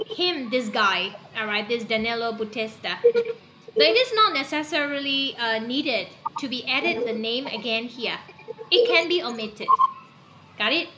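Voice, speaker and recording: A woman English teacher leading a class, encouraging students and checking in with frequent "okay"s while often clearing her throat. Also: sits high, lo-fi sound, background noise. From Myanmar.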